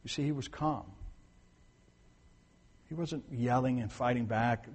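Preaching at a measured pace, a pastor with a medium-pitched voice talks conversationally as a long reverb tail rings out. He restates his points for emphasis and corrects himself mid-sentence, starting over repeatedly.

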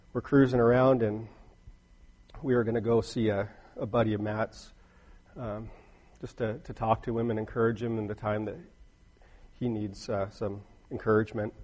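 Man, middle-aged, husky voice, sermon, earnest with emphatic swells. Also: medium pitch, fairly even intonation, normal speed, pauses often, darkish tone, lo-fi sound. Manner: earnest, rising to emphatic bursts, storytelling asides. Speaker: preacher.

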